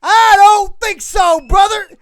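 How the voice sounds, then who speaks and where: A woman's voice: extremely high pitch, fairly even intonation, slow pace, shouting, pitched above the performer's own voice. A woman voicing a rowdy, whooping hillbilly cowgirl in a mock Southern drawl for a comedic fan-fiction reading. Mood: hollering. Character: rowdy yee-hawing hillbilly cowgirl alien princess.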